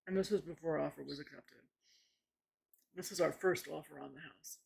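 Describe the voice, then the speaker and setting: Chatty woman with a gravelly, fried voice. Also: deep voice, brisk, a little mellow. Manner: rambling, chatty, with many "like" fillers and restarts. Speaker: vlogger. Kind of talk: casual story-time vlog.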